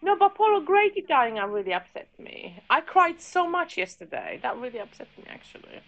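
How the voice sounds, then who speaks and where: A woman's voice: high-pitched, big pitch swings, fairly quick, a bit bright, lo-fi sound. A middle-aged woman, a podcast guest, chatting casually and telling stories with lots of laughter. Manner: chatty, giggly storyteller. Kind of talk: casual chat.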